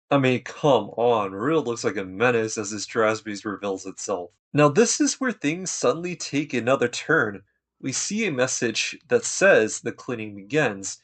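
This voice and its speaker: Casual, slangy man recapping an anime. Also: mid-range voice. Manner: laid-back, slangy, enthusiastic retelling. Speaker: anime episode reviewer.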